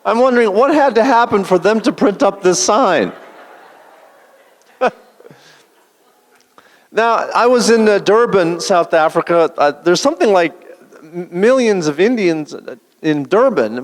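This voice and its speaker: A man performing a stand-up comedy set, delivering deadpan one-liners with dry asides. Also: sits high, measured pace. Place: large event hall. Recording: long hall reverb.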